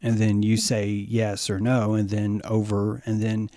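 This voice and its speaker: A man's voice: completely flat delivery, measured pace, warm tone, no echo, studio quality. A man hosting an internet radio show, talking through ideas in a musing, playful way and sometimes acting out quoted voices. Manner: musing, playful, acts out bird calls in a high voice. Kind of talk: casual discussion.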